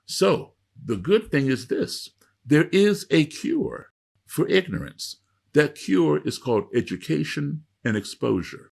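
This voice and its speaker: A man's voice: fairly high pitch, big pitch swings, slow pace, creaky, slightly rough. A middle-aged man telling a story in an interview, lecturing with emphatic repetition. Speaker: guest speaker.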